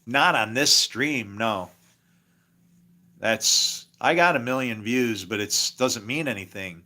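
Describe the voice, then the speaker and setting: A livestreamer chats casually, rambling from one story to the next, chuckling often and slipping in preachy asides. His voice is lowish with a sharp tone.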